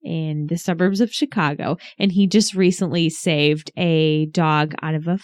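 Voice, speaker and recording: A woman's voice: low-pitched, fairly even intonation, measured pace, no echo, studio quality. A woman guest on a casual podcast, telling stories in a blunt, grossed-out way.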